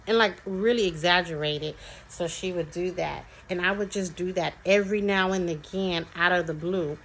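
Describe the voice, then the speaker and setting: A young woman shares her experience as a parent, telling her story in a chatty, casual manner full of fillers and restarts. Her lowish voice is steady and at normal speed, in a low-quality recording.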